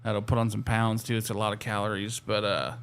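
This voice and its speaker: Gravelly-voiced man in rambling casual chat. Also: on the low side, flat delivery, a little fast. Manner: rambling, self-correcting, teasing. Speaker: co-host.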